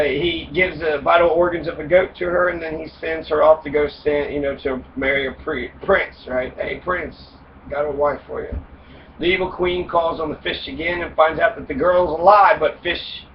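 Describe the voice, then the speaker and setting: Man, comedic storyteller, foul-mouthed, rambling, a bit higher voice, muffled distant recording. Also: steady tone, normal speed. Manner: profane, wisecracking, rambling with fillers. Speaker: podcast host retelling fairy tales. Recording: distant mic, dull lo-fi sound, faint noise.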